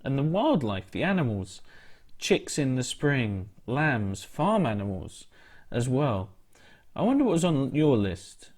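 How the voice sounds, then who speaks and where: A man's voice: medium pitch, very animated, a little slow, a little mellow. A man giving a recorded English lesson to a class, explaining vocabulary in a chatty way with asides and questions to his students. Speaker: English teacher. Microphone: solo recording for a class video.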